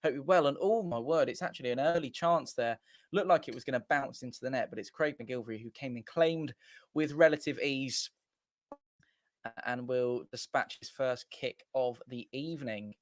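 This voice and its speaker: A man's voice: medium pitch, moderate pace, dry recording. A man hosting a fan watchalong, giving casual live match commentary in a chatty, rambling way and often correcting himself. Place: small home studio.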